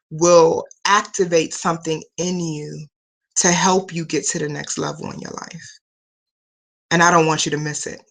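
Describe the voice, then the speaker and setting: A woman with a slightly low voice leads a live spiritual talk over a webcam. She speaks slowly and deliberately, leaning on key words. Her delivery is firm and coaching as she guides breathing and spoken affirmations. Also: a bit bright. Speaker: spiritual teacher and host. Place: home room lined with bookshelves.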